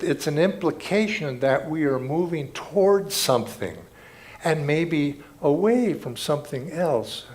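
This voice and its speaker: A man's voice: a little high, a little mellow. A man giving an earnest, reflective spiritual talk at a ceremony, telling stories as he goes. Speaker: spiritual speaker.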